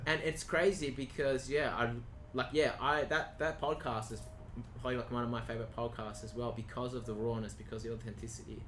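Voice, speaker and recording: A man talks as a podcast guest in an earnest, reflective way, calling people "bro" and speaking at a mid pitch. Clear background noise runs under his voice. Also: steady tone, fairly quick, fairly bright tone. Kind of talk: casual conversation.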